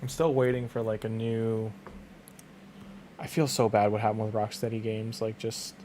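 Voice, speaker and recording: A man's voice: on the low side, level tone, normal speed, dark tone, a little hiss or hum. Rambling Canadian man streaming. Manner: rambling, leans on "like", frequent restarts. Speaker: game streamer. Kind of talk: casual live-stream chat.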